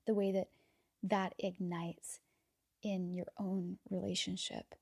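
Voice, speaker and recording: A woman hosting a podcast, talking casually and with enthusiasm, sometimes dropping to a soft near-whisper and repeating words as she gathers her thoughts. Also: on the low side, flat delivery, takes it slowly, creaky. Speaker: podcast host. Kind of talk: casual reflective monologue.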